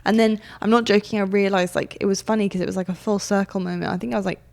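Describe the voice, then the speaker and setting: A woman with a gravelly, creaky edge co-hosts a casual podcast. She tells stories in an animated way, laughs often and acts out her own past lines. Her pitch sits at an ordinary middle height. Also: fast talker. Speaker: podcast co-host. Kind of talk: casual chat.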